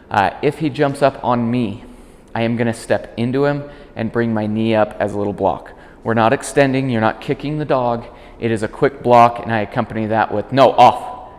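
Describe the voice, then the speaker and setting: A man working as a dog trainer, explaining commands in a calm instructional demonstration. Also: in a large hall. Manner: calm explaining, high-pitched praise to the dog.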